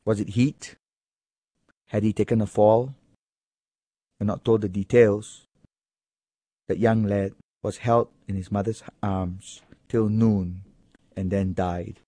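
A man preaching an expository sermon in an earnest manner, with sudden high emphatic rises. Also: flat delivery, slow pace, long pauses, warm tone, no echo.

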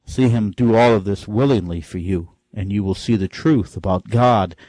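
A man preaching a sermon with fervent delivery, climbing sharply in pitch on key phrases and slowing down for emphasis. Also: mellow, dry recording.

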